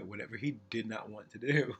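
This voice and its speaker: A man hosting a casual podcast chat, candid and quick to laugh. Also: fairly low pitch, slightly rough. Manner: laughs often, animated and candid. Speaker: podcast host.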